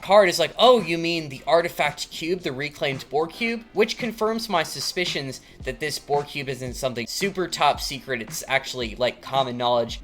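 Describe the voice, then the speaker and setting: A young man giving a casual, animated episode recap, talking loosely with many filler words. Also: mid-range voice. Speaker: TV episode reviewer.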